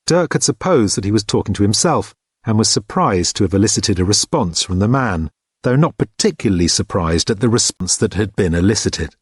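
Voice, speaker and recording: A man reading an audiobook in a measured, understated narrating manner. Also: fairly low pitch, animated, slightly rough, no echo, clean studio sound. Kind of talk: scripted narration.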